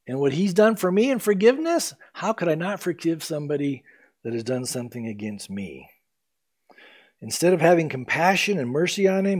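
A man preaching to his congregation with a slightly high voice. He sounds earnest, and he keeps swinging from loud, pressing emphasis down to near-hushed softness. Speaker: pastor. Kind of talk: sermon.

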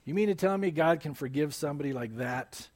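A preacher voicing a hardened gambling-hall owner. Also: male voice, fairly high pitch, brisk, darkish tone, natural voice. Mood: pleading. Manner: pleading, insistent. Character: hardened male gambling-hall owner, menacing then broken.

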